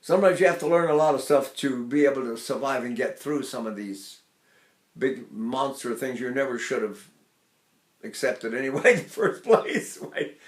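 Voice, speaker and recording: A man's voice: mid-range voice, reverberant. An older man giving a singing lesson, explaining technique in a folksy, chatty way and checking in with "right?" and "see?". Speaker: voice teacher. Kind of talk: singing lesson with sung demonstrations.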